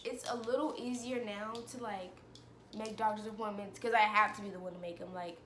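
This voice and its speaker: A woman's voice: mid-range voice, fairly even intonation, fairly quick, roomy sound, background noise. A young woman vlogging about her own experiences, hesitant and full of fillers and restarts. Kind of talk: personal confessional talk to camera.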